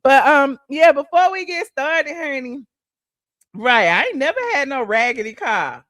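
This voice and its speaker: A woman's voice: sits high, lively intonation, a little slow, fairly bright tone, no room sound. A woman hosting a casual celebrity gossip livestream, sassy and chatty, calling the audience honey and child, humming mm-hmm and laughing between points.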